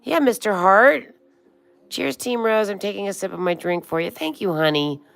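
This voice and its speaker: A woman's voice: medium pitch, moderate pace, vocal fry, a bit bright. A woman in her sixties hosting a casual livestream, chatting with viewers and calling them honey and sweetheart, with a swear here and there. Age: 60s. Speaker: livestream host. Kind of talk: casual livestream chat reading comments.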